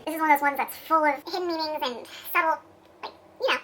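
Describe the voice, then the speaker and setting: A young woman chatting to camera as a book vlogger, giggly, excitable and self-mocking. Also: sits high, fast, pauses often, far from the mic, a little hiss or hum. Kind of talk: casual chat to camera, outtakes.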